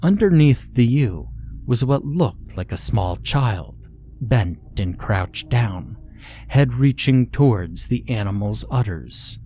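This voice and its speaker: A man reading a horror story aloud in slow, measured scripted narration. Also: medium pitch, expressive, dark tone, a little hiss or hum.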